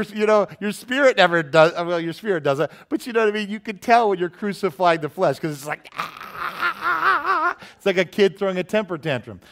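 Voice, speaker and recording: Animated, fairly high-voiced male pastor preaching. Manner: animated preaching with call-and-response asides to the congregation; acts out quotes and sudden shouts. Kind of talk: sermon.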